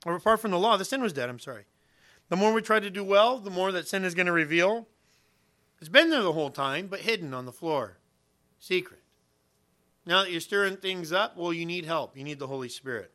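Male pastor, bright and forceful delivery, animated sermon teaching. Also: a little high, a little fast. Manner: animated preaching with everyday illustrations and acted-out quotes.

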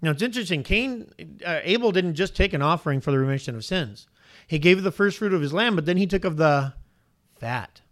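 Delivering a sermon to the congregation, this man speaks briskly and asks lots of questions with animated energy. On key points, the pastor's pitch shoots up sharply.

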